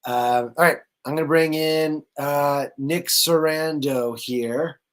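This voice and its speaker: A man's voice: fairly high pitch, fairly even intonation, slow pace. A man hosting a live post-show discussion, greeting viewers by name in a loose, chatty way with lots of fillers. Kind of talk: casual live-stream chat.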